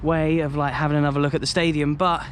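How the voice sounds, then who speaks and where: A young man from Britain talks his way around a city stadium, chatty and enthusiastic, tossing in jokey asides as he walks. His voice sits a touch high. Traffic and outdoor ambience come through clearly behind him on the camera mic. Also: little pitch movement, quick pace. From United Kingdom. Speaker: football travel vlogger. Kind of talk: walking vlog commentary. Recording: outdoor street noise.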